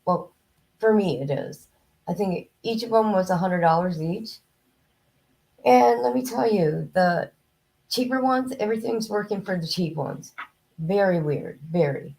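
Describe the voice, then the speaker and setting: Hoarse, gravelly woman chatting to viewers. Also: medium pitch, animated, measured pace, darkish tone. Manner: chatty, greets viewers by name. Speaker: livestream host. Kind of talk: casual chat to live viewers. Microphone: new desk microphone, headset off.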